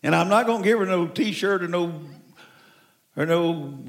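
A man in his seventies from Mexico, preaching a sermon to a congregation with folksy, animated storytelling that breaks into shouts. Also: high voice, a little slow. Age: 70s.

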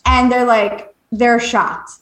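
A woman with a somewhat high voice tells a story casually on a podcast. She is animated, laughs a lot, swears freely and acts out the voices of the people in her story. The room gives her voice a noticeable echo. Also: takes it slowly. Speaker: podcast co-host and medium. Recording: echoey room.

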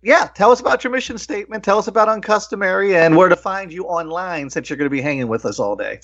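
A man's voice: high voice, lively intonation, fast talker, fairly bright tone, lo-fi sound. A man hosting a podcast, jokey and hammy as he introduces the show and guests. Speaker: podcast host.

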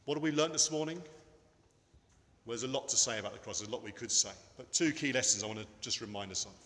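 A man's voice: mid-range voice, fairly bright tone. Earnest male preacher in echoey hall. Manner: earnest, emphatic, with dramatic pauses. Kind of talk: sermon. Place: church. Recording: echoey hall with long reverb.

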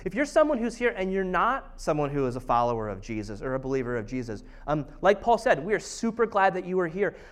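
Male pastor, 30s, higher-pitched, relaxed storytelling sermon with self-deprecating humor. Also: fast, hardly any pauses. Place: church service.

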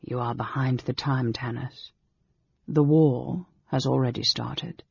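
A man voicing a cool, sly male dark elf wizard in an audiobook, speaking softly, low and offhand. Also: steady tone, slow, gravelly, husky, no room sound, full character voice. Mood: knowing. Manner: coolly offhand, knowing. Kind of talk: audiobook character reading. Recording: dull lo-fi recording.

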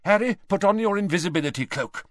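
A man voicing a weakened, elderly wizard who stays calm and in command, speaking slowly and quietly. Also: high voice, no echo, clean studio sound, pitched above the performer's own voice.

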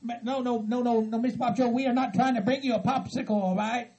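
A man voicing a level-headed hillbilly friend who pleads patiently and tries to calm everyone down. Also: very high-pitched, fast talker, noisy background. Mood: pleading. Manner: patient, pleading, repeats "Mister Bob Joe". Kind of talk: hobby comedy skit acting.

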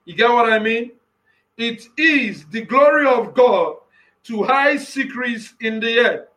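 A man preaching an impassioned sermon, breaking into shouted bursts and often repeating and restarting his phrases. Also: very high voice, poor audio.

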